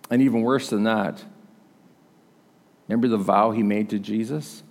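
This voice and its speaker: A man's voice: on the low side, steady tone, moderate pace, long pauses. A male pastor preaching a sermon in a conversational, emphatic storytelling manner. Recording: long hall reverb.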